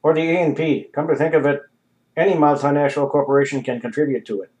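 Agitated middle-aged rambler, ranting, voice pitched up, read by a male narrator. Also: fairly even intonation, quick pace, darkish tone, natural voice. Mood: rambling.

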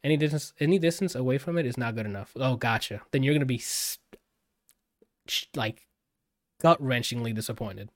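Fairly quick and mid-range, the man's voice is captured in studio quality with no room sound. His casual podcast movie review is all gushing praise for a film he just saw, loaded with swearing and rambling fillers.

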